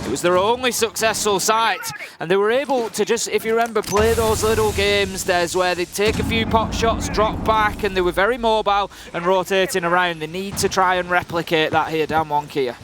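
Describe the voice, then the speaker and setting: A man's voice: high voice, steady tone. A man commentating an esports match, analyzing the play and rising into hype calls. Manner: measured, building to hype calls. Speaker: esports caster. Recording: noisy broadcast mix.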